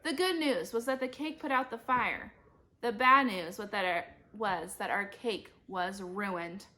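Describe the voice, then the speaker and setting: A woman reading a children's chapter book aloud, jumping to loud high voices for the characters' shouted lines. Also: unhurried. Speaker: reader.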